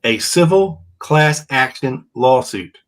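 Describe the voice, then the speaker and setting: A man's voice: mid-range voice, lively intonation, takes it slowly, rough recording. A podcast host in his fifties chatting casually and reading old legal papers aloud with wry asides. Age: 50s.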